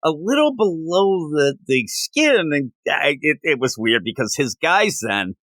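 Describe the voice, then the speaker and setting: A man's voice: on the high side, unhurried, no echo. A man co-hosting a comic book review show, talking casually and rambling with frequent restarts. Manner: rambling, animated, with many restarts.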